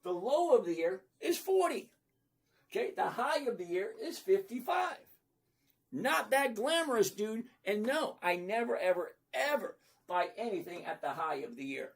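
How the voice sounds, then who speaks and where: Husky-voiced trading streamer, mid-range pitch, casual and blunt, playful, repeats points for emphasis. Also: sing-song, normal speed. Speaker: stock trading livestream host. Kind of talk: casual livestream chat reading viewer comments.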